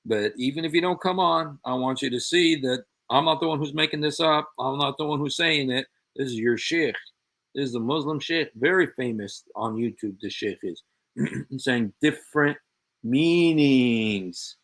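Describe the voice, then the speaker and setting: A man's voice: mid-range voice, normal speed, a bit bright. A man hosting a show, commenting on played clips, sarcastically repeating quoted phrases and speaking directly to an absent opponent. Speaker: show host.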